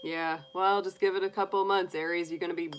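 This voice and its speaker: A woman's voice: on the low side, level tone, fast talker, slight background noise. A middle-aged woman hosting a tarot live stream, chatting casually, giggling often and greeting viewers by name.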